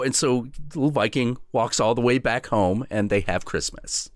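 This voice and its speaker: A man hosting a stream, telling a folk tale in a casual, crude, animated way. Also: medium pitch, normal speed, no room sound, studio quality. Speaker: streamer host.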